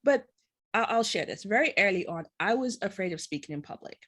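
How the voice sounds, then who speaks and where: A woman hosts an interview show and talks with her guest in an easygoing, encouraging way. She pokes fun at herself now and then. Her voice sits at an ordinary middle pitch. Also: expressive, brisk, a bit bright, slightly rough. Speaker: show host. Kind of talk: casual interview chat.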